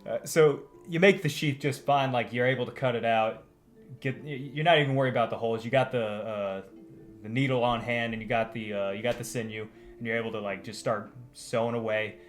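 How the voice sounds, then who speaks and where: Ontspannen mannelijke spelleider, gemiddelde toonhoogte, zachte muziek op de achtergrond. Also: male voice, medium pitch, brisk, faint music behind. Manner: relaxed, explanatory, with fillers. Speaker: game master. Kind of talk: running a tabletop game.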